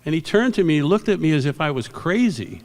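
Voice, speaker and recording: A man's voice: on the high side, very animated, fairly quick, darkish tone. An older man from New York giving a rambling, anecdotal awards speech on a convention stage, with asides to the audience. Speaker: award presenter. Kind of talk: storytelling speech at an awards ceremony. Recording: reverberant convention hall.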